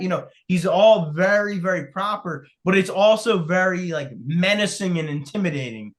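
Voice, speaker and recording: A man in casual podcast chat, his voice sitting a little high for a man. He rambles through his points with lots of fillers and restarts. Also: normal speed, hardly any pauses. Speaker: podcast host. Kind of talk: casual film discussion.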